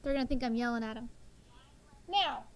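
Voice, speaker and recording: In her sixth-grade classroom, a woman in her thirties keeps things animated, coaxing her students into call-and-response answers. She speaks briskly in a voice on the high side.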